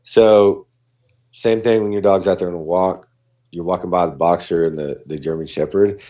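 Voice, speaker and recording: A man's voice: low-pitched, fairly even intonation, normal speed, warm tone. A man, a dog behaviorist, talking casually on a podcast and acting out what dogs and people say.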